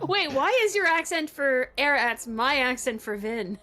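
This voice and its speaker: A giggly female player chatting after a tabletop game, often exclaiming in surprise. She speaks slowly in a fairly high voice, with faint music underneath. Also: expressive, sharp tone. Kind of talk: casual chat.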